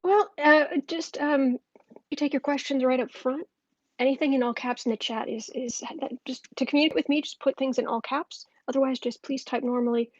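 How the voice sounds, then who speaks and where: A woman's voice: high voice, steady tone, brisk, no room sound, highs cut off. A woman hosting a live political tarot stream, talking casually from home with lots of fillers and restarts. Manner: chatty, with frequent fillers and restarts. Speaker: political tarot reader and host. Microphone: camera mic.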